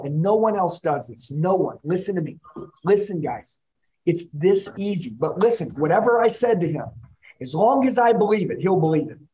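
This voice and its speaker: A man's voice: high voice, mellow, low-quality recording. A man running a live sales training, coaching a trainee with intense, repetitive questions. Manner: intense, coaching, repeats the listener's name.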